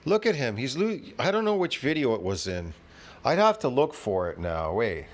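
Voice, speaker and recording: A man's voice: mid-range voice, very animated, moderate pace. A man in his fifties giving reaction commentary, rambling and swearing as he argues and lectures, often asking whether you get it. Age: 50s. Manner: profane, rambling and argumentative. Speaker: fitness commentator reacting to a video.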